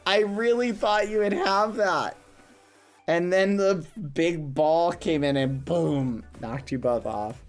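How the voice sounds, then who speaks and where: A man streaming a game live, cheering players by name and shrieking high when the game turns. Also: slow pace, faint music behind. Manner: talks to chat and players by name.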